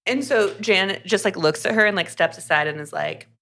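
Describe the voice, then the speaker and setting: A young woman co-hosting a podcast, talking casually through a story. Her voice is bright and forceful, with plenty of "like" fillers. She recaps the plot and slips into quick impressions of the characters along the way. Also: mid-range voice, expressive. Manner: chatty, many "like" fillers, acts out characters' lines. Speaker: podcast co-host reviewing a romance novel. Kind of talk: casual chat, retelling a plot.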